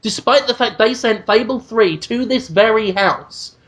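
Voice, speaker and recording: A man's voice: high-pitched, unhurried, a bit bright. A man hosting a podcast, ranting in casual chat, swearing freely and mocking people in put-on voices. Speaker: podcast host.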